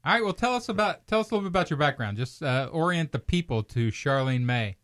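A man's voice: on the high side, lively intonation, fast, fairly bright tone, dry recording, studio quality. A man from Kentucky, hosting a casual comedy podcast, teasing his co-hosts and laughing often. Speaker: podcast host.

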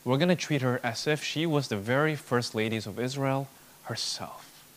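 A man's voice: mid-range voice, moderate pace, a little hiss or hum. A man preaching an expository sermon, emphatic, building points through rhetorical repetition.

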